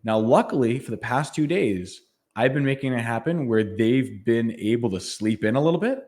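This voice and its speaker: A man's voice: mid-range voice, animated, moderate pace, a little mellow. A man co-hosting a podcast, speaking in an emphatic, persuasive, motivational way. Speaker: podcast co-host. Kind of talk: casual podcast chat.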